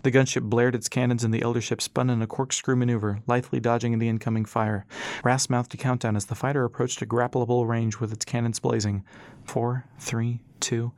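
A man reading an adventure novel aloud as narrator in a steady storytelling manner. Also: mid-range voice, no room sound. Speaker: audiobook narrator. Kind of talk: scripted narration.

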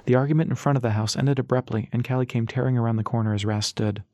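A man narrating an audiobook in a steady storytelling manner. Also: medium pitch, quick pace, no echo, studio quality. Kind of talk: scripted narration.

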